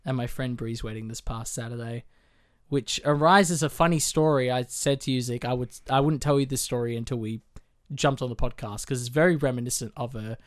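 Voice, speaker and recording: A man's voice: medium pitch, fairly quick. A man in his twenties, co-hosting a podcast in casual chat, his voice half gone as he tells a story. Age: 20s. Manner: chatty, laughs easily, tells stories. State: losing his voice. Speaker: podcast co-host.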